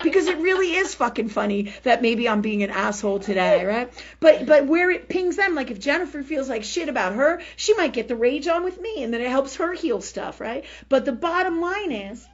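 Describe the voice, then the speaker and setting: On her live spiritual health program, a high-voiced woman speaks frankly, swears freely, laughs a lot, and drifts into repeated healing prayers. The audio is muffled.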